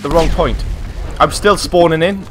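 A young man playing a racing game with a friend, swearing, laughing and shouting at his mistakes. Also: fairly high pitch, measured pace. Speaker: gaming YouTuber. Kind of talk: excitable gameplay banter. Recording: game music behind.

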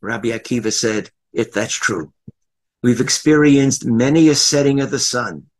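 A man's voice: medium pitch, normal speed, rough recording. An older man, a rabbi, giving an earnest Torah lecture, retelling stories and repeating key phrases for emphasis.

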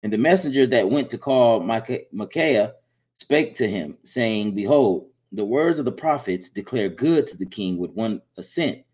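A man reading Bible passages aloud in a plain, steady way, with small slips. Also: fairly low pitch, moderate pace, breathy edge. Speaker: scripture reader.

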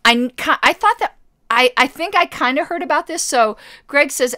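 A woman's voice: on the high side, lively intonation, moderate pace, fairly bright tone, clean tone, dry recording, clean studio sound. Chatty woman answering a livestream chat. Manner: chatty, rambling self-corrections, blunt asides. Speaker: party committee member hosting a livestream. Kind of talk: casual livestream Q&A, reading chat.

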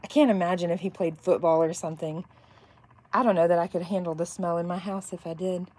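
Woman, 30s, soft Texas twang, lowish warm voice, casual crafting chatter. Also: fairly even intonation, a little fast. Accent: Texas, softened. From north central Texas. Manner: chatty, rambling, reacts to chat comments. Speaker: crafter making epoxy cups. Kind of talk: casual chat while crafting.

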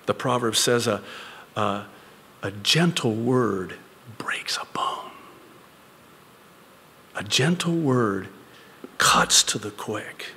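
A male pastor preaching a sermon to a congregation in a church, moving from loud, high-pitched exhortation down to soft whispers. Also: expressive, slow, pauses often, husky, in a large hall. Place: church before a live congregation.

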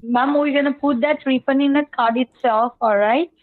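A woman speaks in a fairly high voice over a tinny, dry phone line. She hesitates often, filling gaps with "uh" and tagging "okay" onto her sentences. She works as a phone scammer. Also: fairly even intonation, normal speed, no room sound. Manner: repeats okay, hesitant fillers. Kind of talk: phone call.

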